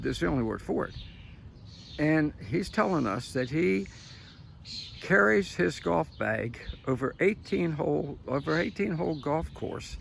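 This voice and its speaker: Gravelly older man ranting outdoors. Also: a little high, a little hiss or hum. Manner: emphatic, repetitive, chuckling between points. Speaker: political commentator. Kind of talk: opinionated outdoor vlog monologue. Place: outdoors after a morning jog.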